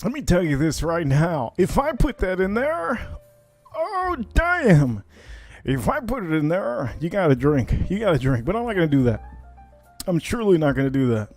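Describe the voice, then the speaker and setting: A man hosting a whiskey cocktail livestream, chatting casually and rambling with animated asides. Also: a little high, a little fast, faint music behind.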